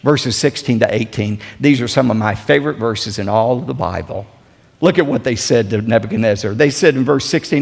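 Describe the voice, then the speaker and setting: A pastor delivering a sermon with dramatic swings in loudness and emphasis. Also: male voice, fairly quick, creaky, long reverb tail. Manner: dramatic preaching with big swings in pitch and volume.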